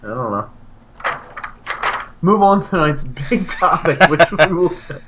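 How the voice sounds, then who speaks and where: A man's voice: unhurried, background noise. A man co-hosting a podcast, telling ranting stories in casual banter. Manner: animated ranting storyteller with big pitch jumps. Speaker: podcast co-host. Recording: slightly dull lo-fi recording.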